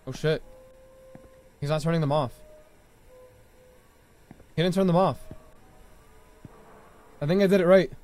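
A young man commentating live gameplay to viewers, reacting loudly and yelling when startled. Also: on the high side, measured pace, pauses often. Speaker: gaming streamer. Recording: faint music behind voice.

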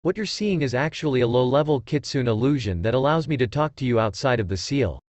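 A man's voice: medium pitch, expressive, fairly quick, no echo, natural voice. A man voicing a cheeky, kind spirit of a father who explains things at length.

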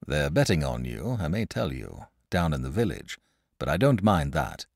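A man's voice: rumbling low, very animated, normal speed, vocal fry, no echo, clean studio sound, full character voice. A man playing a frank, pleasant knight. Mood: persuasive. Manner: frank, persuasive, patient. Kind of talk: audiobook character voice.

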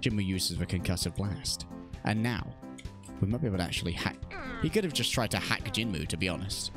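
A man's voice: deep voice, lively intonation, a little fast. A man giving comedic, sarcastic voice-over commentary on an esports match, swearing and laughing as he goes. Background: background music.

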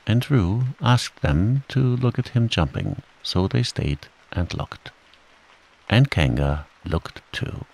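A man narrating a bedtime storybook in a calm, soothing, unhurried way. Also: fairly low pitch, gravelly, poor audio. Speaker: audiobook narrator.

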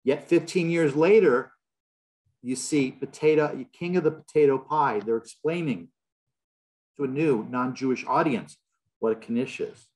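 A man's voice: medium pitch, a little slow, darkish tone. A man giving an illustrated public lecture in a large hall, telling stories with a wry, joking manner.

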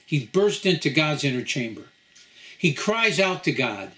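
Man giving a measured sermon-style lecture. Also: a little high, sing-song, a bit bright. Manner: measured storytelling delivery with pauses. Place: home gathering.

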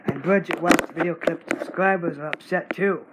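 A man who owns the channel rants angrily at the camera, scolding someone in short, repetitive bursts. His voice is a little high and his pace moderate, and the recording is very noisy.

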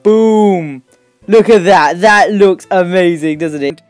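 A teenage boy giving excitable gameplay commentary as a channel host, shouting and squealing at big moments and then dropping to quick mumbled asides. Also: high-pitched, dry recording, soft background music.

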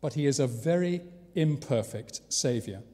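A man's voice: mid-range voice, animated, normal speed, warm tone. An English man preaching a sermon in a conversational way, with rhetorical questions and wry asides. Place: large church. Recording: long church reverb.

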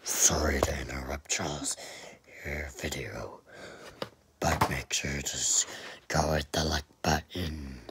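A young gamer voicing the Hulk as a huge green brute, whispering an interruption in a deep growl. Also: fairly even intonation, takes it slowly, noisy background, full character voice. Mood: sneaky.

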